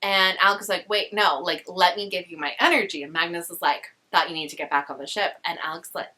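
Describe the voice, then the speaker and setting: A woman's voice: fairly low pitch, a little fast, sharp tone. A young woman casually summarizing a novel in a chatty, sarcastic way with slangy asides. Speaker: book vlogger.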